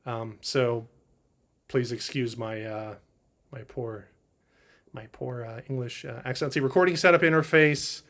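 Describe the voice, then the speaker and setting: A man's voice: mid-range voice, fairly even intonation, measured pace, long pauses, fairly bright tone. A man hosts a drum livestream from his drum room, chatting casually with viewers. He rambles and halts, full of fillers and restarts. He is picked up by studio mics. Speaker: drummer hosting a livestream. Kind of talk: casual livestream chat reading viewer comments. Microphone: studio mics through a preamp.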